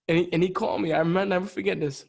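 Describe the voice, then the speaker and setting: Gravelly man telling rambling stories. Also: sits high, fairly even intonation, racing. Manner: rambling storyteller, heavy fillers, frequent "you know". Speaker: podcast guest, musician. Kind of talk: casual chat.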